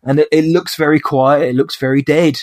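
A man's voice: fairly high pitch, steady tone, a little fast, darkish tone, dry recording, clean studio sound. A man co-hosting a podcast in casual chat, animatedly retelling scenes and rambling with restarts. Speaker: podcast co-host.

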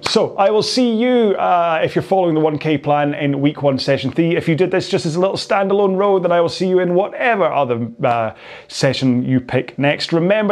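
A man's voice: fairly high pitch, a little mellow. A man with a Scottish accent, talking casually as a rowing coach at the end of a workout, rambling and chatty and laughing easily.

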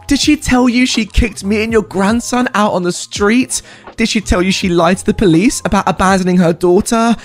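A furious, entitled young woman rants in a shrill, high-pitched voice, as a male narrator puts her on. She fires off demands, her voice pitched well above the narrator's own. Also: normal speed, soft background music, natural voice. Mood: ranting.

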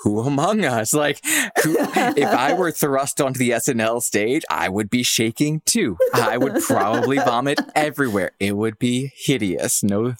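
Wry, animated pop culture co-host. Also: mid-range voice, moderate pace, dry recording, studio quality. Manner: wry, animated, playful asides. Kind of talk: casual chat.

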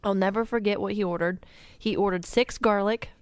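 A woman's voice: medium pitch, fairly even intonation, fairly quick, clear, resonant tone, dry recording. A woman, a podcast guest, telling a long funny story in casual chat and often breaking into laughter.

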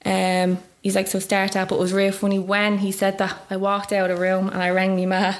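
A young Irish woman telling a personal story in casual chat, acting out what others said with big jumps in her voice. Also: brisk. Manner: animated, acts out quoted speech with big pitch jumps. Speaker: guest.

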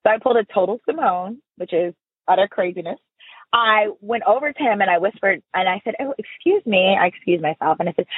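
A woman telling stories in a casual interview, her voice swooping up and down as she gets animated and laughs often. The sound is narrow and phone-like, and her tone has a slight breathy huskiness. Her voice is dry and close, with no room echo. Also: medium pitch, fast talker. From Houston, Texas. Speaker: podcast guest. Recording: phone-like remote call audio.

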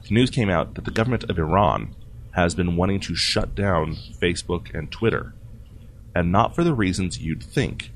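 A low-voiced man hosts a casual tech news podcast, his pitch swinging widely as he jokes and laughs his way through each story. A faint hiss sits under the recording. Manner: jokey, animated, laughs often. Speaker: podcast host.

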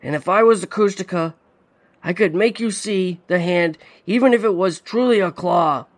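A man voicing a desperate father trapped in freezing water, perhaps a monster mimicking him, pleading in strained shouts. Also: sits high, normal speed, pitched above the performer's own voice, natural voice.

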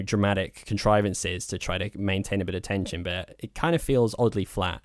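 A man with a lowish voice chats through a film review, blunt and opinionated, piling up loose asides as he goes. The sound is close and dry, with no room around it. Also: a little mellow, no echo. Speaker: podcast co-host. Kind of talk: casual film review chat.

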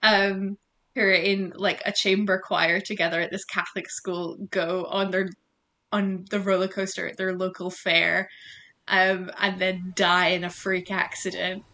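Bright, eager young woman. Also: lowish voice, level tone, unhurried. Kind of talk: casual chat.

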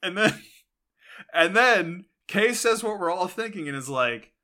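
A male podcast host gives a casual recap of an episode, rambling with many fillers and restarts. His voice is fairly high-pitched, pushed and bright, and he speaks slowly.

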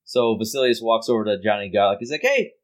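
A man's voice: on the low side, steady tone, fast talker, darkish tone, poor audio. A man playing a tabletop game who rambles casually, swears, and restarts his sentences. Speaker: player.

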